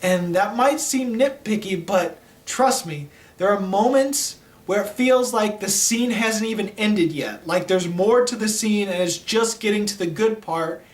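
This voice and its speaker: A man's voice: high voice, lively intonation, measured pace, few pauses. A young man giving a chatty, opinionated film review in casual talk, often saying "like". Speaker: movie reviewer. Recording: roomy echo, mic at a distance.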